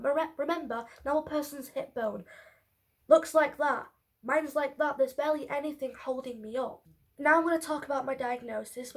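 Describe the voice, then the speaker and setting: A woman's voice: sits high, creaky. A woman vlogging, telling a personal story to camera in a candid, emotional way with casual swearing.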